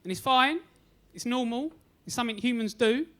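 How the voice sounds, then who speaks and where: A man's voice: very high-pitched, normal speed, fairly bright tone. Young man, stand-up comic, cheeky, self-deprecating, club stage mic. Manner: cheeky, self-deprecating storytelling with acted-out quotes. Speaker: stand-up comedian. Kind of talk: stand-up comedy set. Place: comedy club stage with a live audience.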